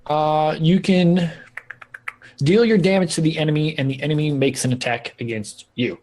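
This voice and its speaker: A man's voice: on the high side, normal speed, darkish tone, a little hiss or hum. A young man narrating as game master, rambling with lots of filler likes.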